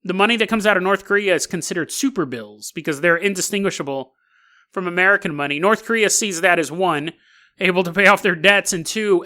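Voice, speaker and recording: Male podcast host with a bright, high voice; playful storyteller who acts out goofy scenes. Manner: jokey, acts out silly little scenes. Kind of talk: comedic storytelling monologue.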